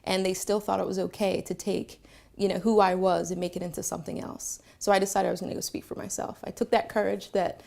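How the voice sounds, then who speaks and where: Woman from Philadelphia, personal storyteller; gravelly, mid-pitched, reflective and halting delivery. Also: level tone, darkish tone. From Philadelphia, Pennsylvania. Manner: reflective, halting with many fillers.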